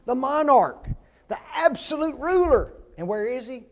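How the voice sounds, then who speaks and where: Animated high-voiced man teaching. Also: measured pace. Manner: animated, jokey, asks the class questions. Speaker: Bible class teacher. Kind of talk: Bible class teaching.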